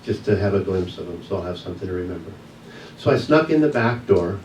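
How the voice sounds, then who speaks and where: Low-voiced man in an echoey church. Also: lively intonation, quick pace, a little mellow. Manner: earnest, reflective storytelling. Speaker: guest speaker at a church service. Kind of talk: personal testimony talk. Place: church sanctuary. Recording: echoey room, distant mic, faint hiss.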